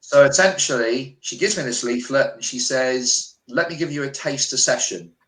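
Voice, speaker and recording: A man's voice: mid-range voice, normal speed. A British man, a healer, telling a personal story on a remote call and acting out the dialogue. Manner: animated, acts out quoted dialogue. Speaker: guest healer. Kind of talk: storytelling interview. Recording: echoey room on a call.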